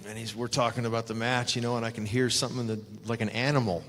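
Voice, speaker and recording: An older man, a retired wrestler, telling animated stories as a guest at a live fan Q&A and acting out the quotes. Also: mid-range voice, quick pace, in a large hall. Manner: animated anecdotes with acted-out quotes.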